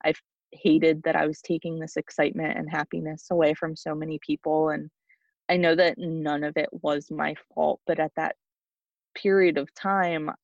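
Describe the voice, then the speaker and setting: A young woman, a podcast guest, telling a personal story in a halting way with frequent restarts. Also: low-pitched, little pitch movement, gravelly, no room sound. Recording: dull lo-fi dry sound.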